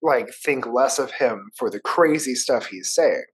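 A man's voice: mid-range voice, animated, measured pace, slightly rough. A man co-hosting a casual book discussion, making dry joking asides. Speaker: podcast co-host.

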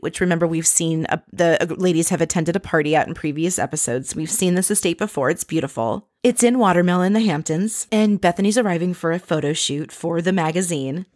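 Woman with a lowish voice, dry sound. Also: darkish tone, dry recording. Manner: wry, sarcastic asides. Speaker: podcast host recapping a reality show. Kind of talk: casual chatty recap.

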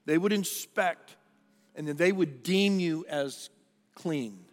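A man's voice: fairly high pitch, slow pace, long reverb tail. A man preaching a sermon as pastor, earnest and conversational, often repeating and restarting his words.

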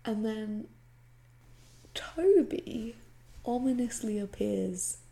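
Co-host, young woman, raised pitch with a gravelly fry, animated storyteller, laughs a lot. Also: very slow. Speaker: podcast co-host. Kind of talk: casual recap chat.

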